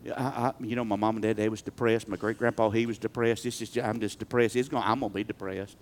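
A male pastor preaching a sermon, emphatic, swinging from loud bursts to quiet talk. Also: fairly low pitch, fairly even intonation, fast talker, slight background noise.

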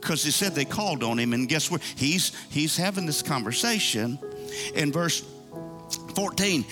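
Brief: pastor preaching, high and bright-toned, folksy and exhorting, faint piano behind. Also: male voice, lively intonation, moderate pace. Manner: folksy, exhorting, talks straight to the congregation. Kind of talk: sermon. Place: church.

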